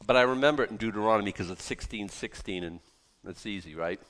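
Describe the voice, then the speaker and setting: Speaking at a quick pace in a fairly low, slightly bright voice, this man is a pastor delivering a sermon. He's sarcastic and emphatic, peppering the congregation with rhetorical questions.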